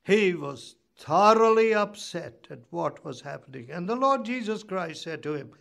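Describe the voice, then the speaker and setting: A man's voice: sits high, expressive, moderate pace, creaky, hardly any pauses, a bit bright. A man preaching a sermon, reading scripture and asking the listeners pointed rhetorical questions. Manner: emphatic, rhetorical questions, reads scripture aloud.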